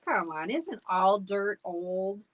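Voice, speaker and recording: Figure: woman playing a patient, dry schoolboy in a storybook. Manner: plain, sometimes hushed. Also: mid-range voice, lively intonation, slow.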